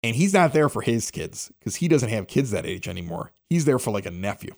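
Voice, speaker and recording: A man's voice: mid-range voice, big pitch swings, brisk, gravelly, a little mellow. A man in his forties hosting a podcast, reading local announcements and rambling through stories with acted-out voices. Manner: rambling storyteller, acts out quoted voices. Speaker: podcast host. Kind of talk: casual chat and local announcements.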